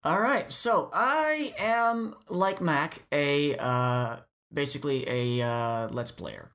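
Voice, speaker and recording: A man from the Netherlands, a guest on a casual podcast, talking playfully with halting restarts and slipping in and out of put-on accents. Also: on the high side, animated, fairly bright tone. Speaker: guest, Let's Player.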